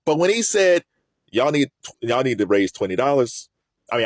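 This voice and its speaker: A man talks through his opinions in relaxed commentary, his pitch rising and falling a lot. He stumbles and repeats words as he goes. The sound is dry and close, with no room echo. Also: normal speed. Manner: animated, repeats words while thinking. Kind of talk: casual commentary.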